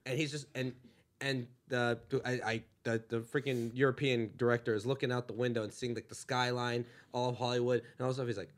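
A man's voice: mid-range voice, flat delivery, a little fast. A man, a guest comedian, chatting casually on a podcast in a rambling, self-mocking way, his mouth numb from dental work.

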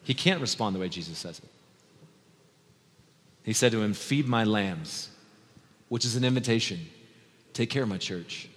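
A man preaching a sermon as pastor, talking in a conversational way that moves between quick asides and slow, quiet emphasis. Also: on the low side. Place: church sanctuary. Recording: long hall reverb from a church.

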